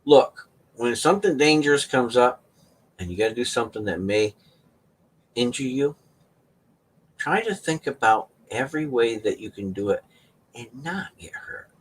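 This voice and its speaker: A man's voice: mid-range voice, expressive, moderate pace, pauses often, slightly rough. A middle-aged man hosting his own channel, telling a story in a folksy, casual way and laughing often. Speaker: channel host.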